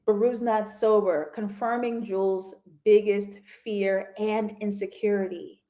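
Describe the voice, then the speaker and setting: A woman hosting a casual livestream TV review, animated and laughing often as she talks to her viewers. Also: mid-range voice, unhurried. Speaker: TV review host.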